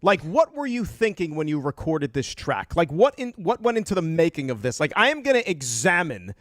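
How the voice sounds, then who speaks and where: A man co-hosting sports talk radio, excitable, laughing often and riffing on a joke at length. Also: fairly high pitch, brisk, no echo, studio quality. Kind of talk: casual sports radio banter.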